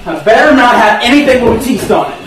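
A man ranting furiously in a home clip, shouting and cursing, out of breath. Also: very high voice, lively intonation, fast. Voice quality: shouting and cursing, then muttering. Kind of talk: furious rant. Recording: echoey room with loud background noise.

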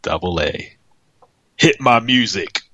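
A man's voice: fairly low pitch, animated, slow pace, pushed and bright, slightly rough, no echo, dull audio. A man hosting a podcast, ranting in exasperation, swearing and laughing as he waits for his co-host. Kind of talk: profane comedic podcast rant.

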